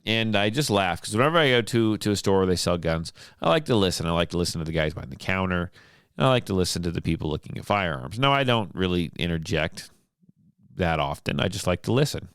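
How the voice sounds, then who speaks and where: Man, podcast host, casual monologue, somewhat low voice, dry close sound, exasperated storytelling. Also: fast talker, clear, resonant tone, dry recording. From United States. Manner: storytelling, animated and exasperated, with many restarts. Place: home studio.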